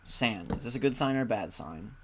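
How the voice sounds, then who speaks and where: A man's voice: medium pitch, expressive, brisk. Tired young man, gaming commentary. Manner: chatty, self-deprecating, grumbles at the game. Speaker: gaming YouTuber. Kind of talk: casual Let's Play commentary. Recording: loud background noise.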